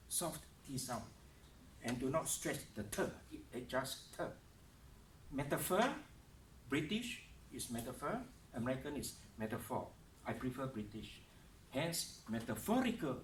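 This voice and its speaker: A man giving a pronunciation lesson, slowly stressing each word and sound with care. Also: mid-range voice, big pitch swings, reverberant. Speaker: speaking coach. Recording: distant mic with faint room noise.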